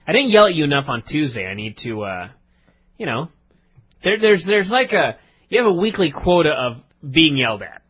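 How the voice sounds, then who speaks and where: Podcast co-host: husky, lively voice, rambling mock-serious teasing, dull lo-fi sound. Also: male voice, on the high side, moderate pace. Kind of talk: casual comedic chat.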